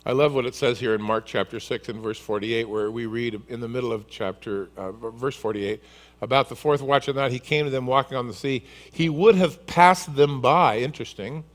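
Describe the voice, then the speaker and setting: A man's voice: medium pitch, brisk. A male pastor delivering a sermon, telling the story vividly and acting out its scenes. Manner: animated storyteller who acts out scenes.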